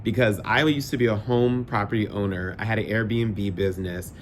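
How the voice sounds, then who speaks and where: A young man talking casually to his viewers at night indoors, relaxed and reflective, rambling with fillers. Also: lowish voice, moderate pace, slight background noise. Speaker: vlogger. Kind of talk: casual late-night vlog talk.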